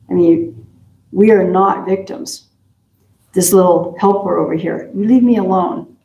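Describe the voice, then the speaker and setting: Gravelly-voiced woman preaching in an echoey church. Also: mid-range voice, mellow. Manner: folksy, chatty, affirming. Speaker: minister. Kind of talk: sermon. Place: church sanctuary.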